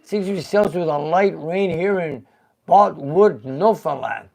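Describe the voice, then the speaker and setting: An older man chats casually as host of a live stream, reading viewer messages aloud with lively reactions. His voice sits a touch high and carries a gravelly edge. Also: a little slow, a crowd in the background. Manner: reads viewer comments aloud, animated and laughing. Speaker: show host.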